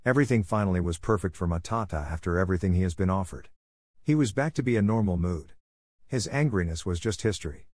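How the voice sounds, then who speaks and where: Male storyteller, lowish voice, dry close sound, measured halting read. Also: animated, darkish tone, no room sound. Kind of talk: reading a story aloud.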